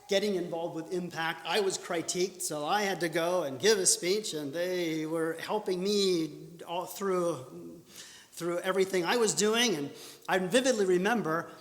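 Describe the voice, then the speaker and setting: A man giving a talk on public speaking at a church training session, lively and animated, often restarting his sentences. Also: high voice. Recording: echoey church hall.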